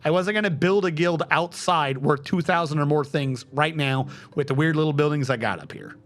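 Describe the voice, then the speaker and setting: A man's voice: fairly high pitch, animated, moderate pace. A man streaming a game live, giving casual, profane commentary and talking to his chat.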